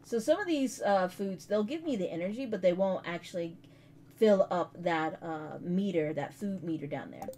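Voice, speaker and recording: A woman's voice: fairly low pitch, expressive, normal speed, dark tone, slight background noise. A woman in her thirties casually commenting on her gameplay, chatty, slangy and self-mocking. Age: 30s. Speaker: gaming video host. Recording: game music behind. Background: game music.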